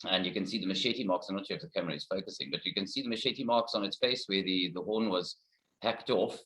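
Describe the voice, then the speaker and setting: A man from South Africa giving a fast, informal conference presentation from a research facility. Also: sits low, a bit bright, rough recording. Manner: quick, informal, slightly rushed. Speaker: conservationist presenter.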